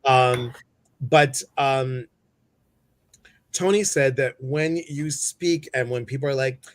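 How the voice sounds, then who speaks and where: A man's voice: mid-range voice, normal speed. A man hosting a live stream, chatting casually, greeting viewers and reading their comments, with many fillers. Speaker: host.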